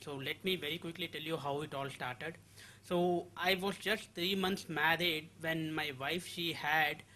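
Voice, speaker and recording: Male testimony speaker, high bright voice, brisk storytelling. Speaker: seminar attendee giving a testimony. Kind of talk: personal testimony.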